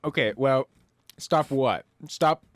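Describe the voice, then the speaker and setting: A man playing a tabletop game, speaking hesitantly and haltingly as he works out his moves. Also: mid-range voice, fairly bright tone, no echo, clean studio sound. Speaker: player.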